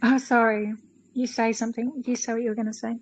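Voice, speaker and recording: A woman reading scripture aloud and chatting gently in an online fellowship. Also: on the high side, little pitch movement, fast, husky, low-quality recording. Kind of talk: slow devotional reading, then casual chat.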